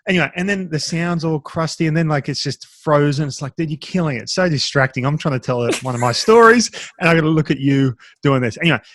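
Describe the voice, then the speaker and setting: A man's voice: a little high, fast, hardly any pauses, no room sound. A man, co-hosting a podcast and telling a story in casual chat, acting out his friends in a raised voice. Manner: animated, acts out quoted friends in a raised voice. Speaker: podcast co-host.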